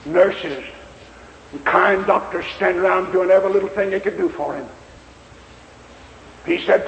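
Gravelly, high-pitched preacher man. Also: normal speed, long pauses, highs cut off. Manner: folksy, emphatic storytelling. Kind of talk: sermon storytelling. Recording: echoey hall, faint noise.

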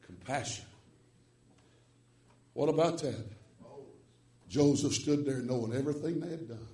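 A man preaching a revival sermon, swinging from hushed tones to chanted shouts with rhythmic "uh" breaths. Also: medium pitch, a little slow, echoey room, recorded from a distance.

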